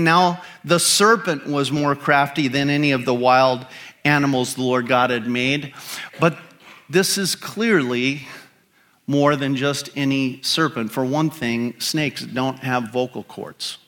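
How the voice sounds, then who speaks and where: Slow, bright-voiced male preacher. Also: a little high. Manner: emphatic, rhetorical questions to the congregation. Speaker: pastor. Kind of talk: sermon.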